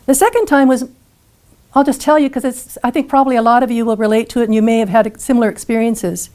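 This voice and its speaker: Older woman, storytelling speaker, earnest and lively, slightly high voice. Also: fast talker. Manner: earnest, animated retelling with acted dialogue. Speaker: speaker telling her life story. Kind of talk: personal storytelling talk.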